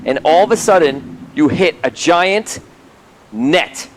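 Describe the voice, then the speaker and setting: A man's voice: a little high, animated, slow, poor audio. A man narrating as game master of a tabletop game, laughing often as he tells what happens.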